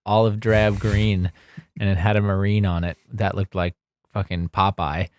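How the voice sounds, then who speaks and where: Lively low-voiced man telling a story. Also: a little slow, slight background noise. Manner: animated storyteller, laughs through the punchlines. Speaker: podcast co-host. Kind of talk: casual storytelling chat. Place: studio.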